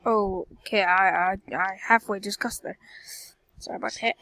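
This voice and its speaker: A woman's voice: medium pitch, expressive, brisk, fairly bright tone, no room sound. A woman giving casual gameplay commentary, rambling and often exclaiming and grumbling as she plays. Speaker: gameplay video creator.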